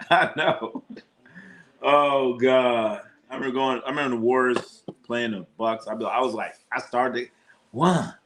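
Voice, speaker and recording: A man hosting a live sports watch party, talking loosely and animatedly, quick to laugh and swear as he reacts to the game. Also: mid-range voice, fairly bright tone. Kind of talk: casual live sports commentary.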